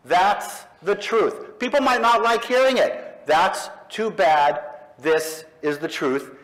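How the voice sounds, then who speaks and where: Higher-pitched man giving an emphatic speech. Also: a bit bright, rough recording. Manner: emphatic, slow, punchy declarations with pointed pauses. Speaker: speaker at an atheist convention. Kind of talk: public speech to a live audience. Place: live event in front of an audience.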